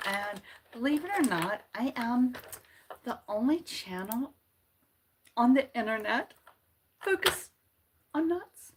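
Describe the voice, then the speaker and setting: A woman's voice: on the high side, big pitch swings, a little slow, pauses often, background noise. A woman hosting a casual livestream, chatting playfully and laughing at her own jokes. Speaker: channel host.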